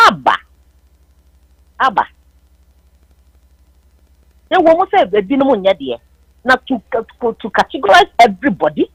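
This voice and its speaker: Ghanaian woman caller, husky voice, high and swoopy, emphatic, flips between english and twi. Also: no room sound, poor audio. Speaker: caller on a political talk show. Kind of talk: heated political call-in debate.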